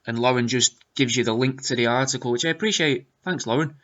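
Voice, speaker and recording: A man reading out comments with wry, deadpan asides in a casual commentary. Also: mid-range voice, fast, highs cut off. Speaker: video creator reading comments.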